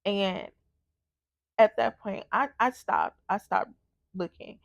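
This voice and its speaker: A woman's voice: medium pitch, sing-song, slow pace, creaky, no echo, clean studio sound. A woman vlogger telling a personal story in a candid, blunt casual way, with frequent swearing.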